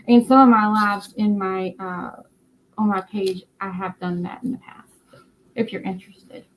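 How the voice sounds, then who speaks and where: A tired woman with a North Carolina Southern accent, hosting a casual craft live stream and rambling through her explanations with many fillers and halting words. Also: mid-range voice, slight background noise, poor audio.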